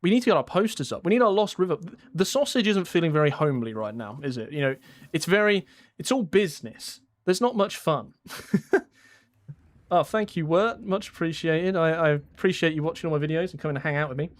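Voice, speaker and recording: A young man from England talks casually through a live game stream. His voice sits a little high for a man. He rambles in a friendly way, laughs often and reads his chat aloud. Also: animated, brisk. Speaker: gaming streamer.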